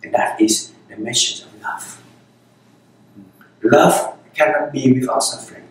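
A male Zen teacher gives a dharma talk in a meditation hall, unhurried and repeating short phrases. His voice sits at an ordinary middle pitch. It rings with heavy echo, picked up from well back in the room. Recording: very echoey hall, voice from far off.

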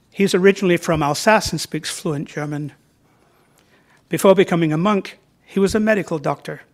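A man giving an informal library talk about his novels, conversational and joking, with fillers as he points to slides. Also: fairly high pitch.

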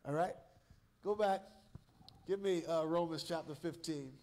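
Southern preacher guy, high voice, teasing the church crowd, lots of y'all with me. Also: unhurried, a little mellow. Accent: Southern US, Georgia. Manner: call-and-response preaching with congregation, playful and teasing. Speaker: pastor. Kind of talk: sermon. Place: church sanctuary.

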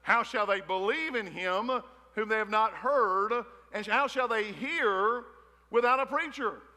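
A man preaching in a high, folksy voice, trading jokes and questions with his congregation. He wears his emotion openly as he preaches. His words ring out with a long reverb through a big church hall. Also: unhurried, pushed and bright. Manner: folksy, joking preaching with crowd call-outs. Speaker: pastor. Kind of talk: sermon. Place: church hall, a former gymnasium.

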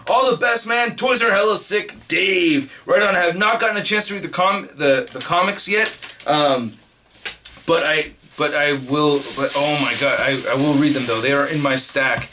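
A man vlogging casually as he opens mail, excitable and swearing, shouting with delight. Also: fairly high pitch, normal speed, noisy background. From Northern California. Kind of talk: casual unboxing vlog.

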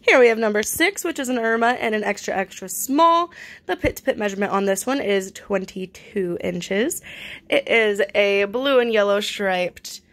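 A woman's voice: medium pitch, expressive, normal speed, fairly bright tone. A young woman chatting casually at home as she shows items for sale, describing each one with lots of fillers. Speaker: online reseller. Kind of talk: casual live-sale vlog.

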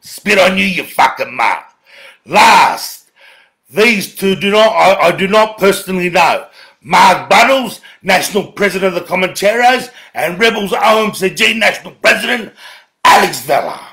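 Gravelly, shouty Australian man ranting. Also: expressive, normal speed. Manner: profane, swinging between low mutters and shouted tirades. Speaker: video ranter. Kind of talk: angry monologue to camera.

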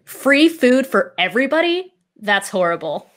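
A woman's voice: fairly high pitch, big pitch swings, pitched above the performer's own voice. A woman voicing a greedy, scheming male industrialist in a comic read-through of a script. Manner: brisk comic read-aloud of a scripted scene.

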